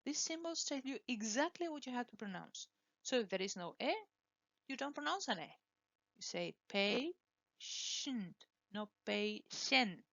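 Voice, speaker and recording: A woman teaching English pronunciation, slowly and deliberately modelling words for students to repeat. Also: high-pitched, big pitch swings, no echo, muffled recording. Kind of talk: pronunciation lesson with drills.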